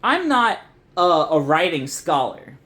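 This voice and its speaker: A young adult video essayist delivers a frustrated, profanity-laced rant that rambles and restarts often. The voice sits at a middle pitch. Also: very animated, slow pace, fairly bright tone. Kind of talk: ranting commentary.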